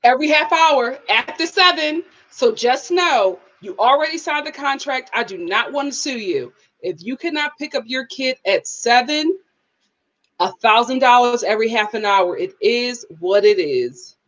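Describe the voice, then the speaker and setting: A woman hosts a live review stream, her fairly high voice swinging widely in pitch. She chats casually, laughs a lot and reads viewer comments aloud. The stream audio sounds dull and lo-fi. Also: expressive, normal speed, a bit bright. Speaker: live show host.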